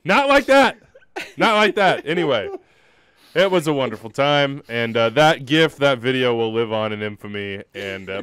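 Man, soccer show host, smooth voice, dry close sound, self-deprecating, rambling, laughs a lot. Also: mid-range voice, a bit bright, no echo. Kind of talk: casual chat.

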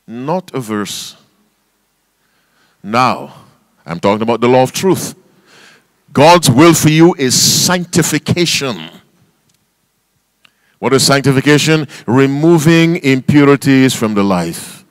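In a room-free recording, a pastor with a mid-range, expressive voice preaches slowly, leaving long pauses. He reads scripture emphatically in King James language, spells out words to stress them, and puts call-and-response questions to his congregation.

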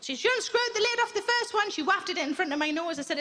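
A woman, telling stand-up stories in a deadpan way, with flat quoted voices, in a theatre with loud audience laughter. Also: very high voice, fast, hardly any pauses. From England. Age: 40s. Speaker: stand-up comedian. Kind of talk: stand-up routine. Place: large theatre stage. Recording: live theatre recording with loud crowd.

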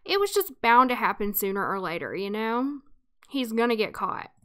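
A woman's voice: on the high side, very animated, moderate pace, a bit bright, smooth. A woman hosting a life-sim let's play who chats and narrates the story in an amused way. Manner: chatty, amused. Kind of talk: casual game commentary with storytelling.

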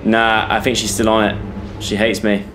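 A man's voice: on the low side, completely flat delivery, moderate pace, a bit bright, slight background noise. A young British man commentating a horror game for viewers, jumpy and yelping when scared. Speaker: gaming YouTuber. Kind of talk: let's play commentary.

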